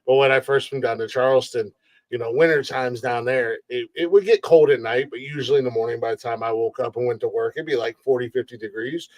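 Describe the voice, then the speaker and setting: A man's voice: medium pitch, fast, no room sound. A man from Ohio hosting a podcast interview, chatting casually and bluntly with lots of fillers and swearing. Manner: rambling, blunt, swears freely, many fillers. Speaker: podcast host.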